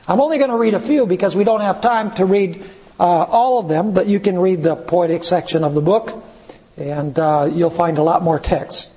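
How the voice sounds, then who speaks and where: High-voiced man preaching a sermon. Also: darkish tone, in a large hall. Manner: reads scripture aloud slowly, asks the audience questions.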